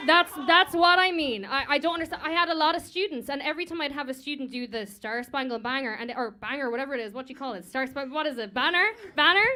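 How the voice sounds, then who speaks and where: A woman judging a singing contest, speaking in a candid, chatty way that turns loud and excited, with frequent laughter. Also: high voice, fast talker, hardly any pauses, some chatter behind. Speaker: singing competition judge. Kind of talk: casual spoken critique. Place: community music venue.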